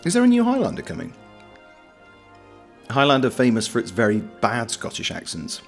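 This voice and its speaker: A man's voice: mid-range voice, wildly swooping pitch, moderate pace, gravelly, soft background music. A British man streaming, chatting casually and reading out viewer comments in a joking, self-deprecating, rambling way. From Britain.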